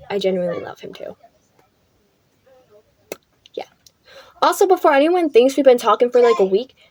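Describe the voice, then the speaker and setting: A woman's voice: on the high side, darkish tone, no room sound. Chatty young woman telling a storytime. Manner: chatty, lots of "like", swears freely. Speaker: vlogger. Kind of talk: casual storytime.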